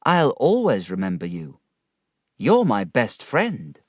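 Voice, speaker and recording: A man's voice: on the low side, wildly swooping pitch, slow pace, no room sound, clean studio sound, full character voice. A man voicing an earnest young man in a storybook reading. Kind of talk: audiobook character voice.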